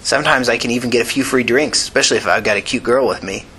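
A man's voice: medium pitch, very fast, pushed and bright, husky. A man doing a cocky young hacker guy. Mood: boastful. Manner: boastful.

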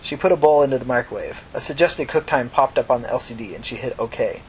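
A man narrating a novel chapter aloud in a brisk, expressive reading. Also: medium pitch, slight background noise, poor audio. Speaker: audiobook narrator.

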